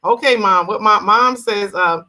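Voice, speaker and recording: A woman's voice: mid-range voice, a little slow, pushed and bright, rough recording. A woman from New Jersey hosting a casual live talk show over a video call, chatty and encouraging with frequent affirmations.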